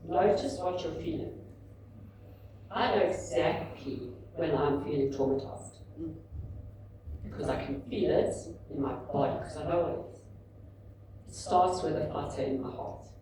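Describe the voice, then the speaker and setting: A woman in her fifties giving a candid, animated talk at a book launch, telling personal stories to an audience. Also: low-pitched, a little hiss or hum. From South Africa. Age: 50s. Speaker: author and speaker. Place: large indoor event room. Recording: echoey hall, mic at a distance.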